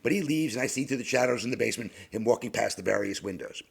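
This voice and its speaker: A middle-aged man telling a long personal story in a rambling, halting way, often sinking into a hushed whisper. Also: mid-range voice, lively intonation, vocal fry, husky. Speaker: podcast host.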